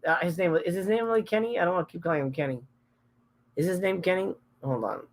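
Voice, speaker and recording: A man's voice: high-pitched, fast talker. A middle-aged man hosting a live stream in casual chat, reading out viewer comments. He talks candidly and emotionally, swears often, and trails off and restarts his sentences.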